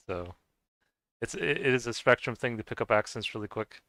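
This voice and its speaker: A young man rambling to his stream viewers in loose, casual chat, with fillers, restarts and plenty of laughing. His voice is bright and crisp, and the recording is dry and close to the mic. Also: mid-range voice, no room sound. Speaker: gaming livestream host.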